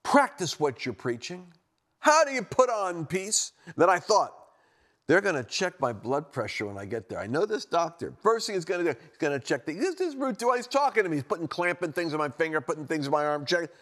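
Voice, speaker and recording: Animated preacher man with a high voice. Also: quick pace. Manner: animated, swings from loud emphatic lines to low quiet ones. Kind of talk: sermon-style teaching to camera. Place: studio.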